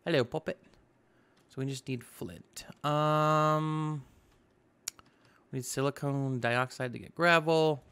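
Slow and clear, this gaming YouTuber's slightly high voice has a fairly bright, resonant tone and fairly even intonation. He gives chatty let's-play commentary on his own game, thinking aloud and tossing out exclamations.

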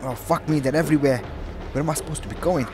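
Talking fast in a slightly high voice with music behind him, a young man provides let's play commentary on a horror game. He's jumpy, curses constantly, and yelps and shouts in panic.

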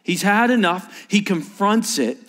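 A man's voice: high voice, expressive, a little slow, a bit bright. A male pastor preaching a sermon in a large church auditorium, telling the story animatedly and acting out the scenes. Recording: echoey large hall.

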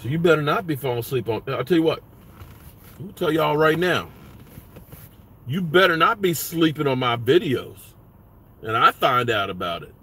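A man's voice: fairly high pitch, animated, moderate pace, long pauses, bright, forceful tone, breathy edge. A man hosting a sports vlog, ranting bluntly with lots of profanity. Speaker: sports vlogger.

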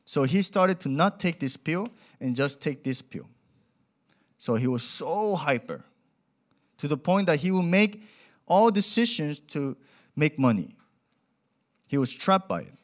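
Lively young male preacher. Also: on the high side, measured pace, long pauses. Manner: animated, acts out quoted voices, non-native grammar. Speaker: pastor. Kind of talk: sermon with storytelling.

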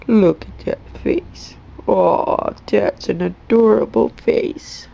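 A woman vlogger talking softly to her old cat and her viewers, in tender coaxing baby talk, sometimes whispering. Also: medium pitch, creaky, highs cut off. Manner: slow, gentle, at times whispered. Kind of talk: soft chat to a pet and viewers.

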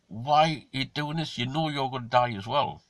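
A man's voice: mid-range voice, moderate pace, no room sound, natural voice. A man voicing a wary, fearful male frog in a spoken fable. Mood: anguished. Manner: suspicious, then anguished.

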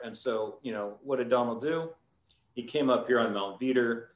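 A man, a winemaker, telling a long story in a relaxed, rambling way on a live stream, with many fillers. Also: medium pitch, normal speed, reverberant.

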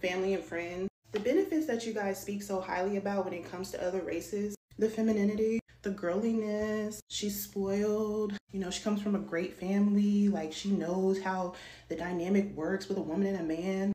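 A woman vlogger giving sassy, animated reaction commentary. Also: mid-range voice, a little fast, echoey room. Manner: animated, sassy, mimics voices.

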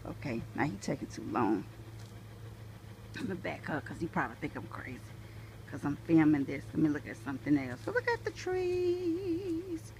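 A woman's voice: low-pitched, fairly quick, long pauses, a little mellow, slight background noise, rough recording. A woman filming herself outdoors near her home in a casual vlog. She chats playfully to herself and breaks into sing-song calls. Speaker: vlogger. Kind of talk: casual self-filmed vlog.

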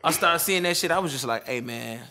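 A man who works as a DJ, talking casually in an interview, laid-back and slangy, getting animated when he mimics people. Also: on the high side, brisk.

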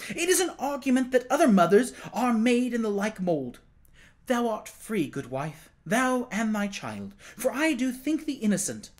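A man's voice: very high-pitched, very animated, normal speed, pitched above the performer's own voice. A man voicing an eager, earnest young boy king who urges and pleads in a storybook reading. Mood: kindly insistent. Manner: earnest, urging.

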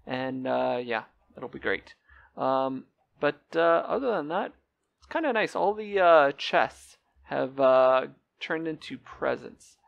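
A man's voice: medium pitch, animated, takes it slowly, gravelly, no room sound, highs cut off. A man giving casual, rambling gameplay commentary as he tours a game server, with many ums and uhs. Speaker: Minecraft server let's-player.

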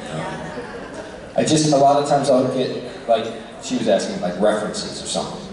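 A tired man chatting casually as a convention panel guest, relaxed and quick to laugh. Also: medium pitch, a little hiss or hum. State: tired, short on sleep. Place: large convention hall. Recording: echoey hall recorded from far off.

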